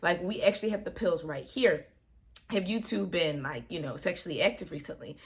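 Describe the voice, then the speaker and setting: A woman voicing a calm, hesitant female doctor who speaks softly and carefully. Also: fairly low pitch, brisk, voice pushed down, close to an everyday voice. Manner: soft, careful, hesitant delivery.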